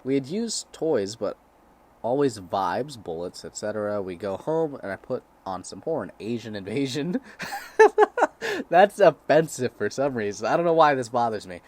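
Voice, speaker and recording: A man's voice: medium pitch, sing-song, normal speed. A young man with a crude, sarcastic manner, reading blog posts aloud and breaking off to comment and laugh.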